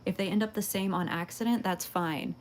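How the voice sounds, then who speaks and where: A woman's voice: medium pitch, a little fast, a little hiss or hum. A young woman livestreaming while making pottery, chatting casually and giggling with her viewers. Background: faint game music.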